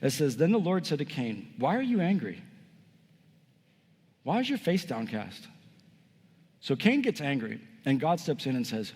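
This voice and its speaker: A man with a high voice delivers a sermon, pressing hard on key phrases and then dropping to a hush. His words ring out with a long reverberating tail, like a large church sanctuary. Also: very animated, a little slow, pauses often, slightly rough. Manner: emphatic preaching, swings between loud and hushed. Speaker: pastor.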